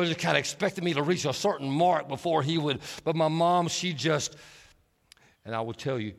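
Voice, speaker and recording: A man preaching a sermon, telling stories and shifting from hushed, slow passages to lively, animated stretches. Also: mid-range voice, creaky. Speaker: pastor. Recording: long hall reverb.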